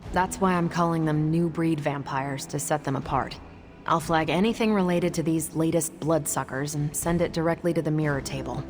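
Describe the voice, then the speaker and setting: A woman's voice: sits low, moderate pace, lightly acted. An actress playing a dry, wry, matter-of-fact woman tracking vampires in a video game. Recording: game audio with faint music.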